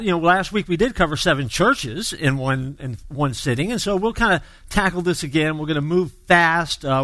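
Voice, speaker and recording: A man teaching a morning Bible study in a relaxed, conversational way, often pausing with fillers. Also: on the high side, dry recording. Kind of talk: conversational sermon.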